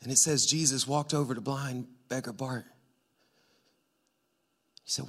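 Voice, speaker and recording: A man preaching a sermon in church, telling the story dramatically and swinging from hushed tones to loud cries. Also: medium pitch, steady tone, unhurried, long pauses, slightly rough. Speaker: pastor.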